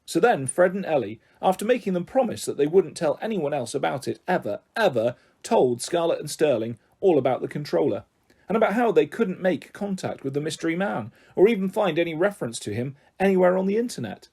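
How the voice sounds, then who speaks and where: Male storyteller, expressive read-aloud, mellow husky tone. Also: a little high, a little fast. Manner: animated, expressive. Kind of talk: children's book read-aloud.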